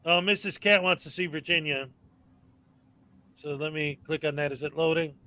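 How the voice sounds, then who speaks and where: A man's voice: on the high side, moderate pace, pushed and bright, low-quality recording. A man co-hosting a casual live-stream chat, ranting and reeling off long lists of names.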